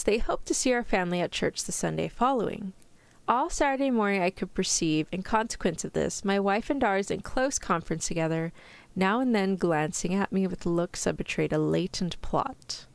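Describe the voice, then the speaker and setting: A woman streamer giving a soft-spoken ASMR reading in a put-on British accent, pronouncing each word carefully and deliberately. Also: mid-range voice, expressive, vocal fry, dry recording. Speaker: vtuber streamer.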